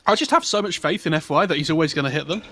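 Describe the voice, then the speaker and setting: Bright, chatty male esports analyst. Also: a little high, rapid-fire, slight background noise. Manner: chatty explanatory, builds to hype. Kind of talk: color commentary.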